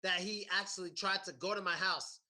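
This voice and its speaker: An American man teaching a class, animated and repeating his questions to the students. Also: sits high, fairly quick. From United States. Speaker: English teacher. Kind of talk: classroom lesson.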